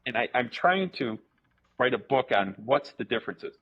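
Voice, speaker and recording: A man, a martial arts instructor, telling stories casually as a guest, animated, repeating words and swearing freely. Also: medium pitch, moderate pace. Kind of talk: casual storytelling interview. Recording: dull lo-fi podcast audio.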